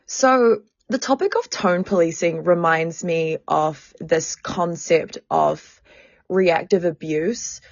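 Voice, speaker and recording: A woman's voice: lowish voice, slow, creaky, dry recording, muffled recording. A woman hosting a podcast who tells a personal story frankly and with animation, swearing freely. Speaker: podcast host and sex worker activist.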